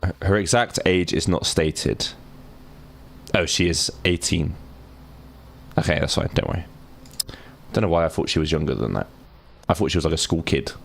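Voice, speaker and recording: Deep-voiced joking young man streamer. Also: normal speed, creaky, pauses often, a little hiss or hum. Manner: joking, sarcastic asides while reading. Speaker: gaming streamer. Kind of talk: casual let's-play commentary, reading game text aloud.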